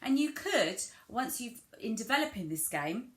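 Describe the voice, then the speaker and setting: A woman giving a gentle instructional talk to parents, demonstrating play ideas and modelling simple words in an exaggerated sing-song way. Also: on the high side, big pitch swings, normal speed. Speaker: family centre early years practitioner. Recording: echoey room with clear background noise.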